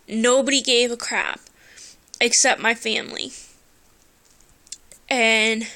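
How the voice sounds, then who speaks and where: A woman's voice: a little high, creaky, sharp tone. A woman telling a personal story into her phone, earnest and emotional, hesitating with many fillers. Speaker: vlogger.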